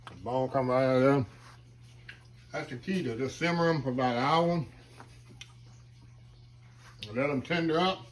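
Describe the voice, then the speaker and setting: A man's voice: medium pitch, normal speed, long pauses, slight background noise. A man hosting a casual cooking vlog, talking folksy and calling his viewers y'all. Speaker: cooking channel host. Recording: kitchen with sizzling grease behind.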